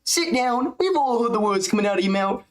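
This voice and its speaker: A man putting on a shrill, raspy impression of a scolding fighter, pitched far above his own voice. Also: lively intonation, a little fast, roomy sound. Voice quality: raspy, squeaky high.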